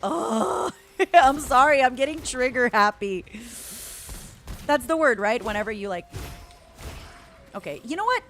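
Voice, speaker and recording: A woman's voice: high-pitched, lively intonation, a little slow, gravelly, pauses often, a bit bright, faint music behind. A woman streamer giving playful, casual commentary as she plays a game, calling her viewers honey and darling.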